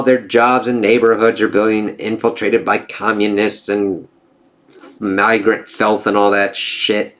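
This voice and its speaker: Reviewing a comic book in a relaxed way, this man reads its dialogue out loud and fires back quick, profane reactions. His voice sits on the low side with a fairly bright tone.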